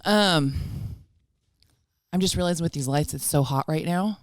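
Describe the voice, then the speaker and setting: A woman's voice: sits low, normal speed, no echo, studio quality. A woman co-hosting a podcast, chatting casually in a rambling, self-deprecating way and laughing often. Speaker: podcast co-host.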